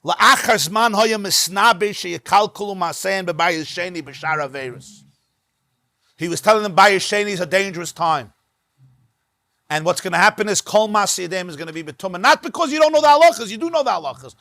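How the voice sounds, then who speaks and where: Animated high-voiced rabbi teaching Talmud. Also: male voice, brisk, no echo, clean studio sound. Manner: animated, acts out dialogue between figures in the text; weaves Hebrew and Aramaic phrases into English. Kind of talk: Talmud study lecture. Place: synagogue classroom.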